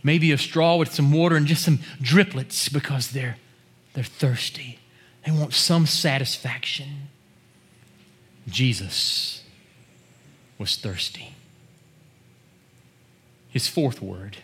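A man preaching a sermon, building chanted refrains to shouted climaxes before dropping to quiet, earnest teaching. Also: mid-range voice, takes it slowly, long pauses, husky.

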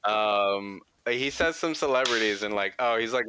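A man's voice: lowish voice, normal speed, background noise. A young man hosting a podcast, telling a childhood story in a rambling, profane way full of "like" fillers. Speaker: podcast host. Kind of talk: casual storytelling chat.

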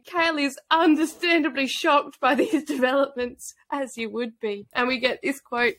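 A woman co-hosting a casual book podcast who retells scenes in an animated way and acts out the characters' lines. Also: high voice, moderate pace, few pauses, no echo. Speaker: podcast co-host.

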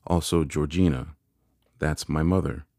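A man's voice: very deep voice, fairly even intonation, measured pace, gravelly, dark tone, no room sound, clean studio sound, heavily acted. Man doing a timid, frightened little boy. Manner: timid, pleading.

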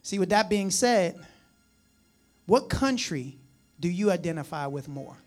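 A man's voice: sits high, lively intonation, measured pace, a little mellow, soft background music. A man from the New Jersey or New York area preaching a conversational sermon, folksy and chatty with frequent asides and chuckles. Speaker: pastor.

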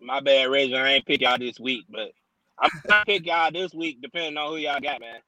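A man from Memphis co-hosting a casual sports podcast over a remote call, quick and emphatic, tossing in "bro" a lot. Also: mid-range voice, sharp tone, no room sound, low-quality recording. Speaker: podcast co-host.

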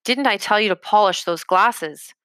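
A woman reading aloud, voicing a bullying young male officer who shouts sternly. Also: medium pitch, moderate pace, no room sound, lightly acted. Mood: shouting.

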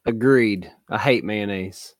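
A man's voice: fairly low pitch, takes it slowly, dry recording, clean studio sound. A man, co-hosting a podcast in easy, casual chat and laughing often. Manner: laid-back, laughs often. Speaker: podcast co-host.

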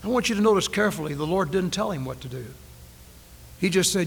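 A male preacher in a church sanctuary, preaching with a fairly high voice and dramatic swings from ringing declarations to near-whispers. He drives his points home by repeating phrases. The 1990s recording carries a long reverb from the hall. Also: expressive, fast, vocal fry, fairly bright tone, a little hiss or hum. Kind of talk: sermon.

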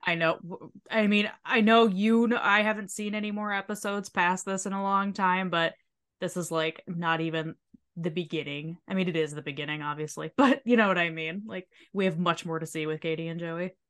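A podcast co-host recaps a reality show in a casual, profane, animated way, often slipping into quick impressions. Her voice sits slightly low but rings bright and crisp. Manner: animated, profane storytelling with acted-out quotes. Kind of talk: casual chat.

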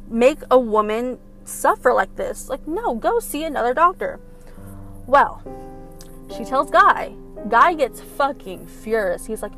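Animated, cursing young woman retelling a film. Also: on the high side. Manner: animated, profane, frequent fillers. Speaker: film recapper. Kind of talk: casual storytelling recap.

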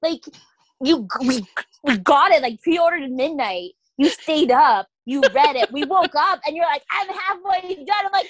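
A young woman co-hosting a casual book chat, animated and quick to act out what people said. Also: sits high, dry recording. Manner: animated, acts out quoted lines, laughs often. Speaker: podcast co-host. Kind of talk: casual chat about books.

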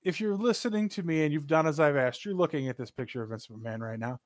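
A man with a slightly higher voice chats on a gaming podcast. He rambles and swears, and his pitch leaps up without warning. The sound is dry and close. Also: quick pace, dry recording. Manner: animated, profane, rambling with sudden jumps in pitch. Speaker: podcast co-host. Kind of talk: casual gaming podcast chat.

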